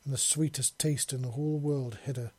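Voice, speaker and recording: A man narrating a romance story as an audiobook, steady, with small self-corrections. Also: medium pitch, brisk, husky, no echo.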